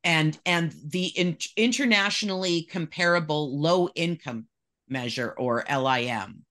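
Woman, podcast guest, casual chat, halting restarts, from Canada. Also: deep voice, a bit bright. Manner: halting, many restarts, reads excerpts aloud.

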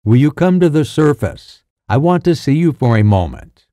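A man's voice: on the high side, very animated, normal speed, mellow, dry recording, studio quality, pitched above the performer's own voice. A male narrator voicing a tense soldier officer who gives insistent orders over a radio. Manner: commanding, insistent.

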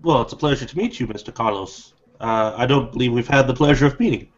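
A man's voice: medium pitch, fast, natural voice. A man voicing a nervous, old-fashioned male vampire who speaks formally and courteously, on a dull lo-fi recording. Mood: polite.

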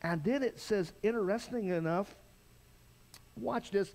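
An older man preaching a sermon as pastor, impassioned, swinging from loud cries to quiet intensity. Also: high voice, moderate pace, long pauses.

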